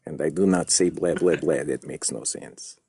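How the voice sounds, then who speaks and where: A man voicing an indignant male bat with a New Jersey accent, quick to argue on a live stream. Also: very deep voice, warm tone, slight background noise. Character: grumpy male bat who insists on being a bat.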